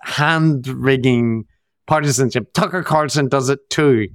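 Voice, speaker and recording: A man co-hosting a podcast, giving casual, animated commentary on media clips with frequent restarts. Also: medium pitch, unhurried, dry recording, clean studio sound. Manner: animated, exasperated critique with restarts. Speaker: podcast co-host.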